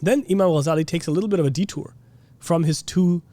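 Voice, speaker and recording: An Islamic teacher gives a casual classroom lecture, chatty and full of "you know" and "like," occasionally imitating preachers. His voice is on the high side, quick, and mellow.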